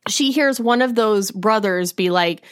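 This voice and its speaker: A woman's voice: medium pitch, unhurried, clean tone. A young woman co-hosting a casual chat, telling a story and quoting the characters. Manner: chatty, quotes characters with voices. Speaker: podcast co-host.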